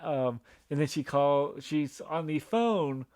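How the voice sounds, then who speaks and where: Speaking slowly in a slightly high, expressive voice with a darkish tone, a man co-hosts a podcast and chats loosely about a movie. His talk meanders, full of fillers and false starts, and he performs the lines he quotes.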